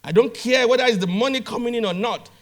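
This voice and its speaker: Emphatic bright-voiced man addressing a hall. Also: very high voice, fast talker. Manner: emphatic, repeats phrases, addresses audience directly. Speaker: conference speaker. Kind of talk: motivational conference talk. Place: conference hall.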